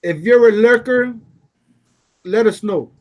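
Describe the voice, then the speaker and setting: This man co-hosts a live stream, speaking slowly in a high-sitting voice. He chats casually and playfully, talking straight to viewers in the chat, and he once lived in Texas.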